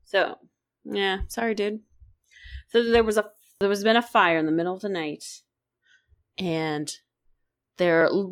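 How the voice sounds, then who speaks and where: A woman with a sore throat co-hosting a casual book chat, joking and swearing as she sums up the story. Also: mid-range voice. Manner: animated, swears casually, jokey asides. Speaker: podcast co-host.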